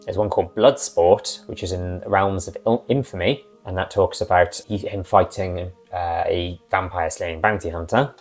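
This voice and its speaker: A man's voice: deep voice, fairly even intonation, moderate pace, hardly any pauses, soft background music. A man who runs a tabletop game, chatting casually and rambling with asides as a channel host. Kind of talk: casual talk about a tabletop game character.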